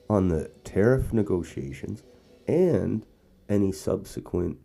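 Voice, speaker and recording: A man's voice: rumbling low, steady tone, unhurried, dark tone, faint music behind. A man from Canada hosting casual political commentary, rambling with frequent restarts and asides. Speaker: host. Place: outdoors or casual setting in Sarnia.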